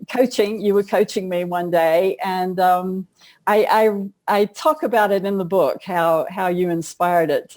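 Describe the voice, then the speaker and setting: A middle-aged woman author and coach speaks in a warm, mellow voice. She tells her stories in a chatty, easygoing way. Her pitch sits in the middle of the usual range. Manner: chatty storyteller, laughs often. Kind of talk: casual interview conversation.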